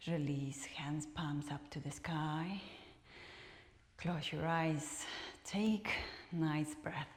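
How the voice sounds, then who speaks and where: A woman instructor calmly cueing a guided movement and breathing practice, counting reps and offering soft encouragement. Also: deep voice, drawn-out words. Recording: echoey room with long reverb.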